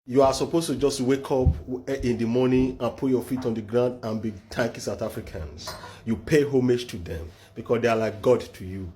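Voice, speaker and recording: A man's voice: medium pitch, fairly quick, warm tone. A man lecturing viewers in a scolding monologue, repeating phrases for stress. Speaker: commentator. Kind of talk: opinion monologue to camera.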